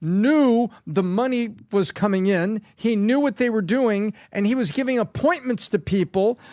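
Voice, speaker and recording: A man's voice: high voice, normal speed, darkish tone, dry recording, clean studio sound. A man in a heated podcast discussion, emphatic and repeating words for effect. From Canada. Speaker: political commentator, podcast guest.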